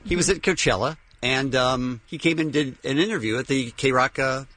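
A man's voice: mid-range voice, moderate pace, a bit bright. A man hosting a radio show, chatting in a wry, self-deprecating way. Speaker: radio host. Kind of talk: casual radio banter.

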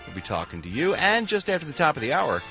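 A man's voice: on the high side, huge pitch swings, fast talker, sharp tone, faint music behind. A man hosting a morning radio show, teasing a guest with dry mock praise. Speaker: radio host.

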